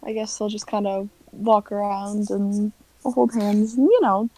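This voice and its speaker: A woman's voice: mid-range voice, steady tone, unhurried, mellow, dry recording, rough recording. A woman playing a tabletop game, chatting casually in a playful way with frequent laughter and swearing. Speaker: player.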